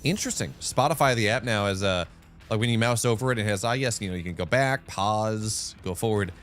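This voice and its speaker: A man's voice: fairly low pitch, brisk, soft background music. Chatty man casting an esports match. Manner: animated, chatty, rambling asides. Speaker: esports caster and streamer. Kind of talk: live-streamed esports commentary.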